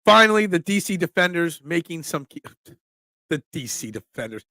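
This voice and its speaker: A sports talk host reads viewer comments aloud during a casual live stream and responds about football in an animated, emphatic manner. His voice is high and bright, his speed normal, and the audio is close and dry without room echo.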